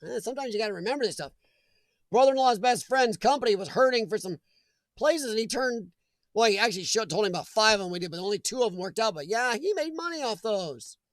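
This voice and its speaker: High-voiced joking man on a live chat. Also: animated, quick pace, a bit bright, dry recording. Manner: joking, chatty, laughs often and talks to viewers by name. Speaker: host of a live chat stream. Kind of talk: casual live-stream chat reading viewer comments.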